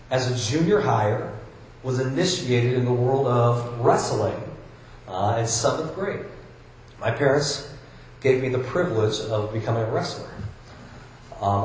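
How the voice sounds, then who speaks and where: A man's voice: mid-range voice, slight background noise. A man from Iowa preaching a sermon, switching between chatty stories full of restarts and reading scripture aloud. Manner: conversational storytelling with frequent restarts, reads scripture aloud. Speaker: pastor. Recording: very echoey hall.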